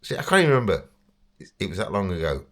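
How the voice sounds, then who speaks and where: A man's voice: low voice, big pitch swings, racing, a bit bright. An English man telling a casual, rambling story about himself, chatty and self-deprecating, often breaking into laughter. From England. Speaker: vlogger.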